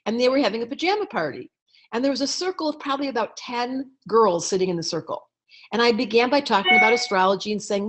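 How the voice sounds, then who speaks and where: A middle-aged woman speaks in a fairly high voice and tells an audience a story with energy. She works as an astrologer and acts out the lines she quotes. Now and then she clears her throat. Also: fast, heavy background noise. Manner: lively storyteller, acts out quotes with raised pitch. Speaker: astrologer and teacher.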